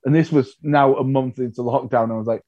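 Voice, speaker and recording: A man's voice: medium pitch, a little fast, no echo, highs cut off. A male comedian, telling stories candidly and with self-deprecating humour in a podcast interview. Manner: self-deprecating, animated storytelling. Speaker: comedian guest.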